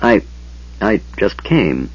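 A man's voice: lowish voice, big pitch swings, slow, slightly rough, exaggerated voice. A man doing a petulant young elf maiden. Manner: petulant, defiant, pleading. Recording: dull lo-fi sound.

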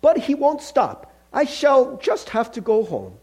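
A man's voice: very high-pitched, huge pitch swings, a little slow, a little mellow, slightly rough, voice pushed up, full character voice. A man voicing an irritable male ghost with a British accent, in a snappish, whiny manner. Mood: apologetic.

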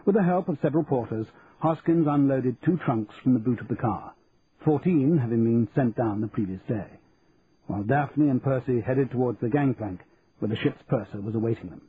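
A man reading an audiobook in an even, measured storytelling manner, over a tinny line with faint hiss. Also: medium pitch. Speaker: audiobook narrator. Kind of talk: scripted audiobook narration.

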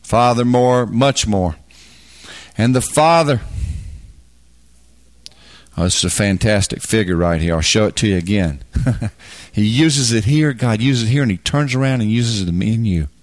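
A man preaching a Bible teaching, folksy and emphatic, dropping into quiet asides and then rising to loud, fervent bursts. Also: fairly low pitch, expressive, measured pace, long pauses.

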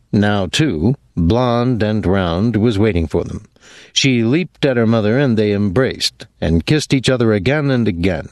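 A man narrating an audiobook in a measured, even way. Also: fairly low pitch, dry recording, studio quality.

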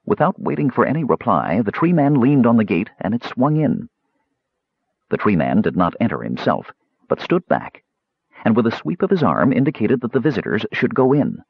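A man reading fantasy fiction aloud as an audiobook narrator, steady storytelling with varied voices. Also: mid-range voice, moderate pace, vocal fry, husky, dry recording, dull audio. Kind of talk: scripted narration.

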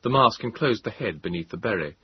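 A man narrating a story in a measured, grave way. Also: lowish voice, animated, slightly rough, no room sound. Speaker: audiobook narrator. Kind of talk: scripted narration. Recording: slightly dull, dry recording.

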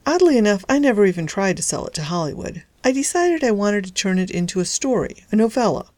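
A woman author narrating her own novella in a lively, lightly humorous storytelling manner. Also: mid-range voice, fast, no room sound. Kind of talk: scripted narration of a serialized story.

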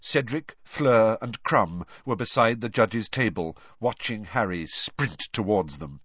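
A man reading an audiobook aloud as scripted narration, in an expressive storybook manner. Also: fairly low pitch, measured pace, husky, dry recording, lo-fi sound.

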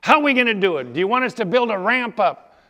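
Man doing nervous soldier guys, high and loud, asking nonstop, echoey hall. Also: very fast. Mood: anxious. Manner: pleading, questioning. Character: anxious soldiers questioning their commander, men. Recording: long hall reverb.

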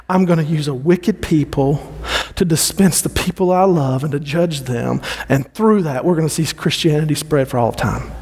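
A man in his thirties preaching a sermon, animated and given to repeating words as he builds a point. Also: on the high side, slightly rough, in a large hall. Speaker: pastor.

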